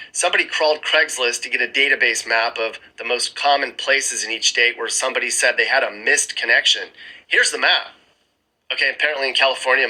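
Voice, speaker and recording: Male vlogger, casual sarcastic map commentary, bright tone, a bit husky. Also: mid-range voice, poor audio. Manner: sarcastic, chuckling asides. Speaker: screen-recording vlogger. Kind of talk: casual commentary over maps. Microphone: phone screen-recording mic.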